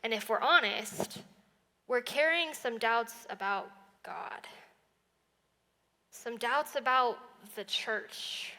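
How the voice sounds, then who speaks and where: A woman's voice: fairly high pitch, takes it slowly, long pauses, bright, forceful tone. A young woman, a college minister, preaching a sermon in a chatty, conversational way. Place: church sanctuary. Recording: long reverb of a church hall.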